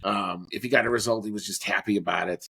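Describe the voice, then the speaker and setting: A man co-hosting a podcast, chatting in a relaxed, rambling way with fillers. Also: fairly low pitch, quick pace, gravelly, breathy edge. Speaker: podcast co-host. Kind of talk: casual chat.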